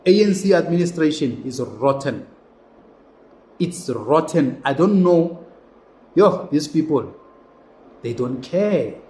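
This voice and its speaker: A man's voice: a little high, animated, slow pace, pauses often, darkish tone, roomy sound. A South African man hosting a podcast, delivering an impassioned, repetitive political rant. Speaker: podcast host. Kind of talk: casual political commentary monologue.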